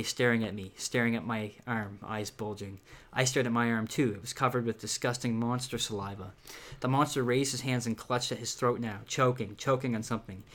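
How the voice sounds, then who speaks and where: A man's voice: mid-range voice, fairly bright tone. Man reading a book aloud, easygoing. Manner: plain read-aloud with hesitant fillers in chat.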